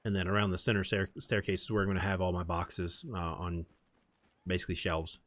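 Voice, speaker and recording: A man's voice: low-pitched, level tone, fairly quick, a bit bright, dry recording. A man streaming a game from home, chatting in a rambling, storytelling way. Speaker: gaming streamer. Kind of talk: casual chat while gaming.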